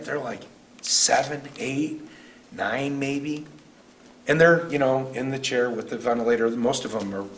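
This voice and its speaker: A man, a state senator, telling stories earnestly in a speech at a neighborhood meeting, sometimes emotional. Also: mid-range voice. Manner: earnest, storytelling, acts out quoted voices; emotional at times. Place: community meeting room. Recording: distant mic, faint room noise.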